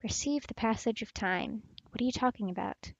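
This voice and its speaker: A woman's voice: fairly high pitch, a little fast, vocal fry, dry recording, lo-fi sound. A woman reading a stern mother superior nun.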